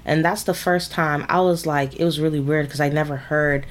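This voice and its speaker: A woman's voice: low voice, fairly even intonation, moderate pace. A woman co-hosting a podcast, telling a personal story in casual chat, rambling with many fillers. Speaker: podcast co-host.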